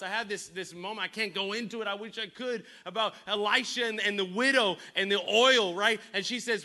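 A man preaching a sermon, leading the congregation in call-and-response and swinging from hushed lines to shouted ones. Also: high voice, a little fast, hardly any pauses. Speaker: pastor.

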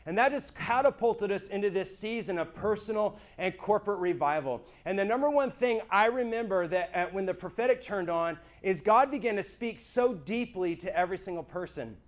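A man with a high voice shares his church testimony with a small group. He speaks earnestly and with animation, and he keeps asking his listeners whether they follow him. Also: expressive, a little fast, hardly any pauses.

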